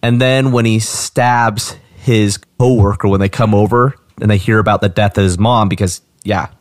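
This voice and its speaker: A man with a lowish voice talks over a movie in an easygoing, halting way, restarting and repeating words. The sound is dry and close. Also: fairly even intonation, dry recording. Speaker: podcast co-host. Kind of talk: casual movie discussion.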